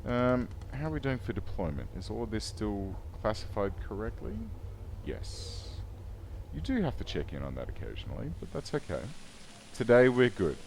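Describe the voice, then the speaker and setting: A man's voice: on the low side, sing-song, normal speed, gravelly, background noise. A man giving wry, chatty let's play commentary, often correcting himself. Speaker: gaming YouTuber.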